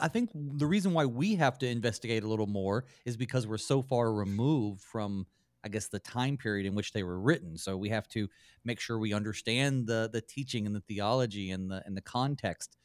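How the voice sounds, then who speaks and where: Guy hosting a bible study radio show, mid pitch, chatty, lots of uh's, dry sound. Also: a little fast, no echo. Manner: chatty, with frequent fillers and restarts. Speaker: radio show host and pastor.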